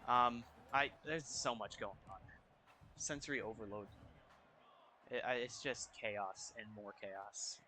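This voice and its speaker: A young man giving casual, excitable commentary over a football video game, reacting out loud to each play. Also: mid-range voice, slow, slight background noise. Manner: excitable, reacting loudly to plays. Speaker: gaming YouTuber. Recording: faint music behind.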